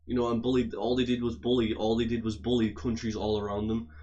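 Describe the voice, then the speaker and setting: A man's voice: medium pitch, level tone, fast, mellow, dull audio. A man ranting heatedly to his audience, swearing often and repeating and restarting his phrases. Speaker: vlogger. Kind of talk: angry profane rant to camera.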